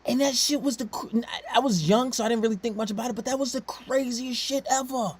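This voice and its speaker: A man giving casual reaction commentary, blunt and profane, swinging from low mutters to loud outbursts. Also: fairly quick, slightly rough.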